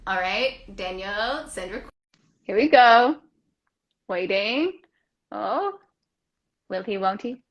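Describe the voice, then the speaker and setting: A woman's voice: medium pitch, animated, slow, pauses often, echoey room, lo-fi sound. A Canadian woman hosting a live-stream chat from her home studio, rambling casually and joking at her own expense. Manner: chatty, self-mocking rambling. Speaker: host.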